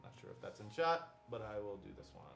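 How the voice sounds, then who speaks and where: A man hosting a live board game unboxing, showing off the pieces with a playful, jokey home-shopping sales pitch. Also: animated, fast talker, vocal fry, a bit bright, reverberant, faint music behind. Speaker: host.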